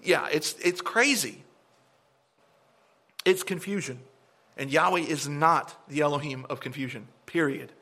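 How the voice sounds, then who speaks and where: A man preaching a sermon to a congregation, emphatic and animated, sometimes mocking the views he argues against. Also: a little high, a little slow, pauses often.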